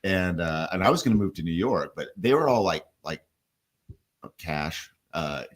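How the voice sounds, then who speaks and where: A man's voice: deep voice, lively intonation, fairly quick, slightly rough. A man guest on a radio show, casually telling rambling stories about recording music and swearing offhandedly. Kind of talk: casual radio studio chat.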